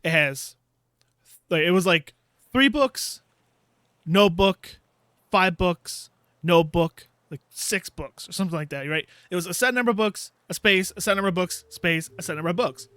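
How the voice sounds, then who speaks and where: In a dry, clean studio recording, a man who makes gaming videos vents about a bad game, laughing in disbelief and acting out how he reacted, an exasperated storyteller throughout. His high-pitched voice is pushed, bright, and clean, with lively intonation at a moderate pace.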